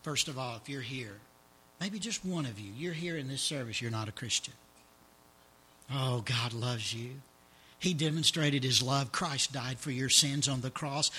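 A man pastor preaching a sermon in a church service, telling a story dramatically and dropping to hushed tones for emphasis. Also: mid-range voice, slightly rough.

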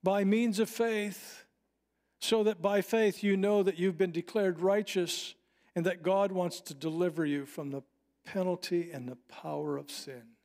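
A middle-aged male pastor delivering a sermon in an earnest, heartfelt way. His voice sits a little higher than most men's, and he slows deliberately on phrases he wants to land. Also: steady tone, a little mellow. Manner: earnest, personal storytelling with slowed emphatic phrases.

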